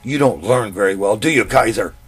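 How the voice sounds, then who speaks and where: Man voicing a shouting, bullying school boss. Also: on the low side, quick pace, breathy edge, pitched above the performer's own voice. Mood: angry, shouting. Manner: yelling, bullying. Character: harsh angry male reform school superintendent. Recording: music playing under the voice.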